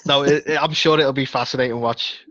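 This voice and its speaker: A man's voice: medium pitch, fairly even intonation, fairly quick, a bit bright, dry recording, dull audio. A man co-hosting a wrestling podcast, chatting casually with rambling sarcastic asides and plenty of swearing. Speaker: podcast co-host.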